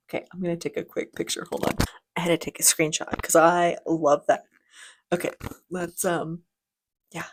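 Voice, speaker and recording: A woman's voice: lowish voice, little pitch movement, normal speed, long pauses. Chatty woman hosting a reaction video. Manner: chatty and enthusiastic, with frequent restarts. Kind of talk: casual reaction commentary.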